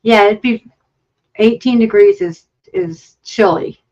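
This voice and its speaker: A woman in her fifties chats slowly and loosely on a livestream, wandering between thoughts as she works in her home craft studio. Her sound is a bit muffled and lo-fi, like stream audio. The pitch is middling for a woman. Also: a little mellow. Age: 50s. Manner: rambling, chatty, thinks aloud while crafting. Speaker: livestream host. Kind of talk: casual livestream chat.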